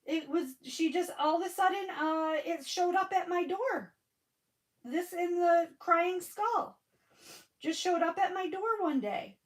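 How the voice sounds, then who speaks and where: A woman's voice: extremely high pitch, measured pace, poor audio. A middle-aged woman, chatting casually with viewers on a craft livestream, gushing and answering comments by name. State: sniffling after crying. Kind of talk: casual live-stream chat with viewers.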